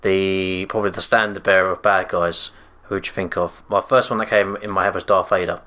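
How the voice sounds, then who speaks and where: A man talking as a podcast guest in a somewhat low voice. He hesitates often, fills pauses with ums and restarts, and keeps a dry, matter-of-fact tone. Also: flat delivery, sharp tone. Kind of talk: casual chat.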